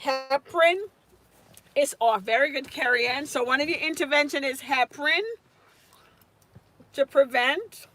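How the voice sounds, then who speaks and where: High-voiced chatty woman nursing tutor. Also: fairly bright tone. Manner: chatty, answers viewers' comments by name, quick asides and laughter. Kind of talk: casual live-stream exam review.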